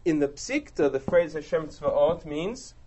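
A man leads a text study class, explaining passage by passage with rhetorical asides. His pitch moves in a lively, animated way. His tone is warm and mellow. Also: unhurried. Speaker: teacher.

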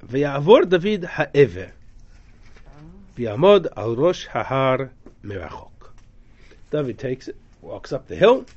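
A man's voice: mid-range voice, a little mellow, slightly rough. A man teaching a text study class, reading Hebrew verses aloud and translating them dramatically. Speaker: Torah teacher. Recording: dull lo-fi class recording.

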